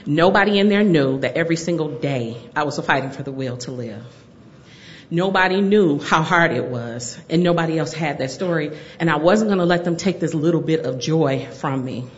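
A middle-aged woman telling a personal story to an audience, animated and laughing through it. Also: low voice, moderate pace, lo-fi sound.

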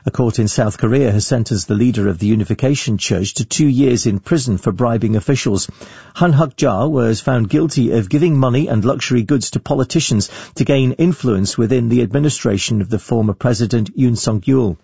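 A man reads the world news in a measured, formal tone. His voice is mellow and gravelly, and the sound is dry. The audio is slightly dull and lo-fi. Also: medium pitch, no room sound. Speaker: newsreader. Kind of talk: radio news bulletin.

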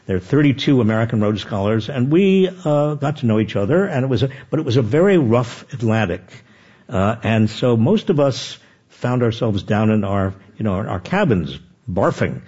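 An older man talks with a husky edge and swinging pitch. He tells self-deprecating stories with many restarts. The recording sounds dull and lo-fi. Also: normal speed. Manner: animated, self-deprecating anecdotes with frequent restarts. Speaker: guest author. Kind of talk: conversational storytelling.

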